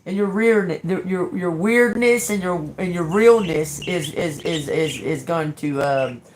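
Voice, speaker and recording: Measured and low-voiced, this woman reads tarot on a laid-back live stream against slight background noise. She encourages listeners, frequently ends with "okay?", restarts and repeats words, and slips in wry, sarcastic humor.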